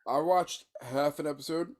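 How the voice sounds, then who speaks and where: Laid-back American podcast co-host with hiccups. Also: male voice, fairly high pitch, moderate pace. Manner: laid-back, short agreeing replies, swears casually. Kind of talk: casual chat.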